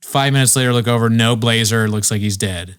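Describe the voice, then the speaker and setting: This young Virginia man co-hosts a comedy podcast, chatting casually through rambling funny stories and voicing the people he quotes. He speaks a little fast at medium pitch, with a clear, resonant, slightly bright tone.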